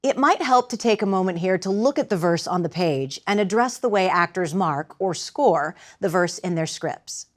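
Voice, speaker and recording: A woman instructor explaining the rhythm of verse and directing actors, in a clear, patient teaching voice. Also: medium pitch. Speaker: theater instructor. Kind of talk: lecture with live demonstration.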